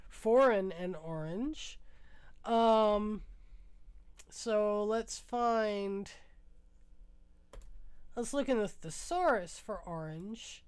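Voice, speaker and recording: A woman's voice: medium pitch, lively intonation, very slow, long pauses, darkish tone, clean tone. A woman hosting a music livestream, musing aloud as she browses, tired and congested from a sinus infection. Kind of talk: casual livestream chat.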